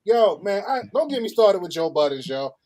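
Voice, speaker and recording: Lively Baltimore-accented podcast host. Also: male voice, high voice, moderate pace, a crowd in the background. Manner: animated, laughing, joking. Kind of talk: casual banter podcast.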